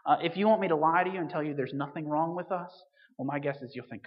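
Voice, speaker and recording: Male vicar, earnest sermon, slightly high voice, long reverb in a hall. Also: fast, highs cut off. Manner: earnest, storytelling, rising to emphatic peaks.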